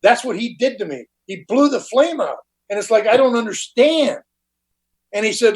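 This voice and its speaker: A man's voice: sits high, big pitch swings, moderate pace, rough recording. An older man giving a personal recovery testimony at a meeting, candid and blunt, with plain slang and frequent restarts. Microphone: online conference talk.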